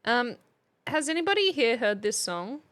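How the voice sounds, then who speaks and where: A woman's voice: fairly high pitch, sing-song, normal speed, a bit bright. A woman streaming as a playful mock substitute teacher, chatting casually and reading out viewers' names.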